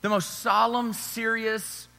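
A man in his thirties preaches with a relaxed storytelling manner, often checking in with the crowd. His voice is high and very bright. It rings out in a church hall with a long reverb tail. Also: takes it slowly, vocal fry. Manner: storytelling, conversational, asks the crowd for agreement. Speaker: pastor. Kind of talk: sermon.

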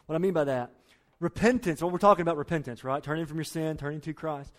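Man, sermon, emphatic, repeats key phrases, fairly high voice. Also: fast. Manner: emphatic, repeats key phrases, drops to low quiet lines. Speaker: pastor.

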